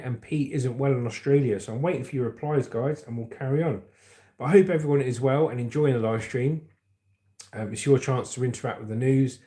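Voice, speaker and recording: A man's voice: medium pitch, dark tone. A middle-aged man, hosting a casual livestream and chatting loosely while reading out viewer comments. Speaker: livestream host.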